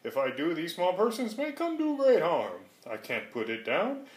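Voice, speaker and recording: A man's voice: a little high, huge pitch swings, normal speed. A man voicing a kind, faithful elephant who talks earnestly and pleads as he reads a storybook aloud. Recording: roomy echo.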